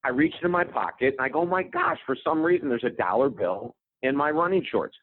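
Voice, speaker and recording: A man, a guest author, telling a story with lively energy in an interview. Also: medium pitch, brisk, slightly rough, dry recording. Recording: tinny phone line, dry.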